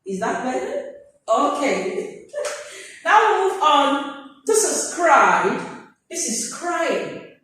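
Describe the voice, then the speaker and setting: A woman teaching a vocabulary class with a high voice that swoops up and down, acting out little examples in sing-song tones. She talks at an unhurried pace. The sound is very echoey and picked up from well away from the mic, with a faint hiss behind her. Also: very animated, a bit bright. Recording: very echoey room, mic far off.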